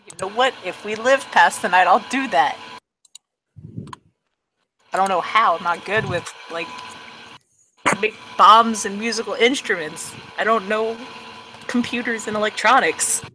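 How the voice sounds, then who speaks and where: High, bright-voiced man playing a tabletop game. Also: measured pace, long pauses, slight background noise, rough recording. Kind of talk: in-character role-play chat.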